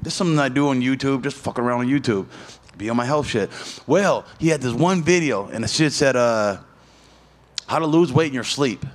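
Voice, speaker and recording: A man in his thirties, a fighter at a media day interview, telling stories in a loose, profane way with lively voiced asides. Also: medium pitch, brisk.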